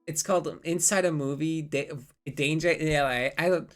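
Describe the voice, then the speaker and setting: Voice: medium pitch, steady tone, moderate pace, faint music behind. Rambling, profane live streamer. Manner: rambling, profane, self-interrupting. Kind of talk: casual live-stream chat.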